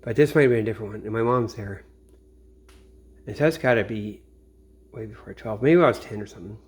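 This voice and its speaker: A man's voice: lowish voice, fast talker. A man from Missouri in a rambling late-night monologue. He swears a lot and often trails off into mutters. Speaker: vlogger.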